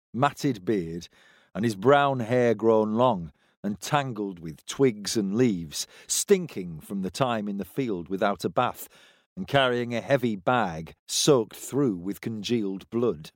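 An audiobook narrator, a man with a medium-pitched voice, reads a novel aloud in a measured, expressive manner. The scripted narration is recorded with clean studio sound and no echo.

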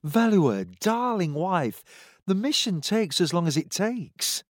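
A man voicing a weary soldier husband who talks to his wife and daughter in a placating, gentle way. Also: a little high, lively intonation, a little slow, dry recording, studio quality, pitched above the performer's own voice.

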